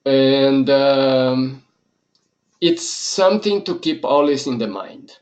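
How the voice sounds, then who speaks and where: A male yoga teacher and monk giving a spoken lesson. He speaks very slowly, setting out each idea in short, measured phrases with pauses between them. His voice sits at an ordinary middle pitch for a man. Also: lively intonation, a little mellow.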